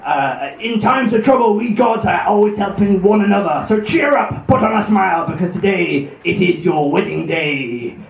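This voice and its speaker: A man voicing the male thunder god as a gruff sea pirate, growling pirate talk with arr and matey, in a live comedic myth reading. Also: sits high, expressive, normal speed, hardly any pauses, distant mic, slight background noise. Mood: blustery. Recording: echoey hall with live audience.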